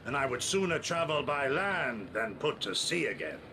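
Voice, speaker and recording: A man's voice: medium pitch, sing-song, moderate pace, pushed and bright, slight background noise. An actor playing a formal, pompous male traveler who has just arrived by sea, speaking with a stilted French accent. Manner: stilted, overly formal delivery. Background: game music.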